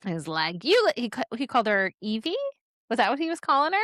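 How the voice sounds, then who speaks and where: A woman's voice: fairly high pitch, a little fast, no room sound. Chatty woman co-host, dry close sound. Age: 40s. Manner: chatty, animated, lots of fillers. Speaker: podcast co-host. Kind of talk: casual chat. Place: small indoor room.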